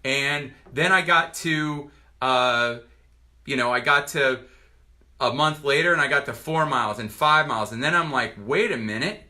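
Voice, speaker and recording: Speaking to camera, a Virginia doctor in his 40s offers an earnest personal testimonial, stumbling and restarting often as he goes. He has a mid-range voice that sounds pushed and bright.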